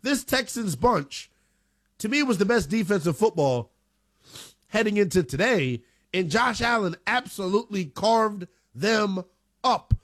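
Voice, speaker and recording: A man hosting a sports talk radio show, animated and emphatic, with casual slang. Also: high-pitched, unhurried, dry recording, studio quality.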